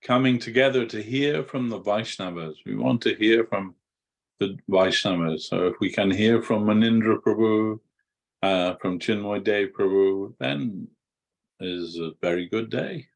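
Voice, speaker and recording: A man hosts a devotional gathering in a calm, humble way. His low voice has a gravelly edge, and he pauses briefly between phrases. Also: poor audio. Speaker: master of ceremonies.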